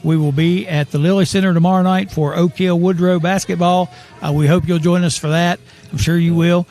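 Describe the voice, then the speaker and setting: A man's voice: sits high, little pitch movement, a little fast, darkish tone. Rambling male sports host. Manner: rambling, chuckling storyteller. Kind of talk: casual sports talk.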